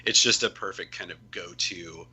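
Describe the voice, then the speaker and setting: A man's voice: low-pitched, normal speed, pushed and bright, slightly rough, low-quality recording. A man, a comic writer on as a guest, chatting casually and rambling with lots of fillers. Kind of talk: casual chat.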